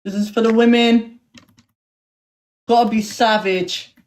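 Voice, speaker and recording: A woman's voice: fairly high pitch, steady tone, slow pace, a little mellow. A woman hosting a livestream in casual chat, brash and foul-mouthed, often laughing. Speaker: livestream host.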